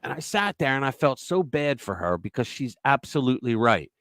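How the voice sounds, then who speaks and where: A man hosting a political commentary show, talking emphatically and conversationally and retelling stories with quick asides. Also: medium pitch, very animated, a bit bright, dry recording. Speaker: host.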